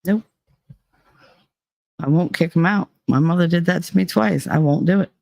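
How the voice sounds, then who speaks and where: A woman's voice: lowish voice, moderate pace, creaky, a little mellow, no echo. A woman chatting casually with her viewers, rambling and swearing as she talks, shaky and dizzy after a panic attack. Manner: rambling, swearing, laughing often. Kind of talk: casual live-stream chat.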